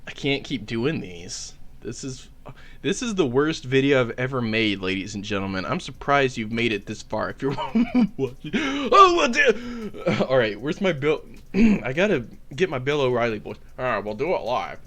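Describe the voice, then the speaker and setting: A man's voice: medium pitch, expressive, moderate pace. A man, a comedy YouTuber, talking casually with mumbled, laughing asides.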